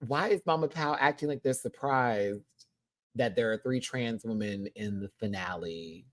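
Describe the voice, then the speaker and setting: A woman chatting in a live review of a show, animated and gushing, laughing often. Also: rumbling low, moderate pace.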